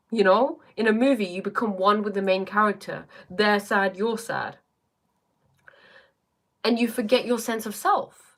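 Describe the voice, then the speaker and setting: A woman life coach in casual livestream chat, talking fast and thinking aloud as she answers viewers. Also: mid-range voice, fairly bright tone.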